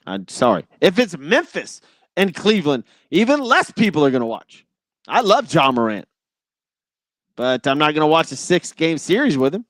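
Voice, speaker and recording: A man's voice: fairly high pitch, big pitch swings, normal speed, a bit bright, no echo, studio quality. A man hosting a sports talk show, giving a casual, opinionated monologue in a blunt and exasperated way.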